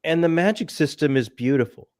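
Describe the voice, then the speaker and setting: A man's voice: fairly high pitch, lively intonation, darkish tone. Man host, earnest, stops and starts. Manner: earnest, halting, many restarts. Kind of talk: casual book discussion.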